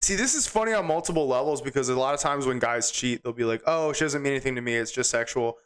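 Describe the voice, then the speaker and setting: Guy reading chatbot jokes off a screen, laughs at them, wry, pretty smooth voice. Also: mid-range voice, a bit bright. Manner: chuckling, wry, reads text aloud quickly. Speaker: comedy video host. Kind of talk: casual commentary while reading chatbot output.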